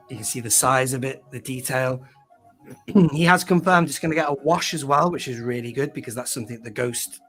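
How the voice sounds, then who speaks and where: A man with a mid-range, fairly bright voice hosts a live online fan show. He chats casually in live-stream style and reads out viewers' names.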